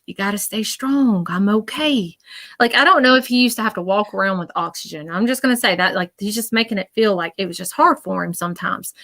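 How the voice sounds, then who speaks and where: A woman giving a psychic reading on a live stream, chatty and repetitive, often pausing to listen. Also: mid-range voice, gravelly, pushed and bright, dry recording. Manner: chatty, repeats herself, often pauses to listen.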